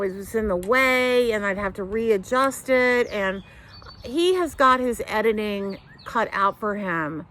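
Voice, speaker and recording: A middle-aged woman hosting a knitting podcast, chatting casually to camera at home, rambling through tangents and fillers and talking with her hands. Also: medium pitch. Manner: animated, talks with her hands. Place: home couch.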